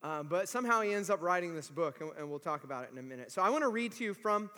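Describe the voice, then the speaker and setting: Male pastor, 40s, sermon storyteller, animated and funny, long hall echo. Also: high voice, very fast. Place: church sanctuary. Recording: long reverb of a large hall.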